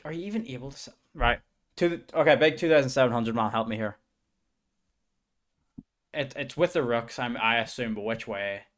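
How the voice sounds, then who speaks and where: A young man talks his way through a stream in casual commentary. He banters with his chat, swears freely and mutters quietly to himself, all in a middle-pitched voice. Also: moderate pace, pauses often.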